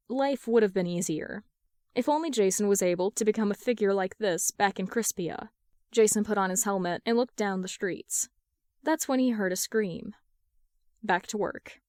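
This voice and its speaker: A woman narrating a fan fiction story aloud in an even, measured reading. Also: mid-range voice, dry recording, clean studio sound. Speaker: podfic reader.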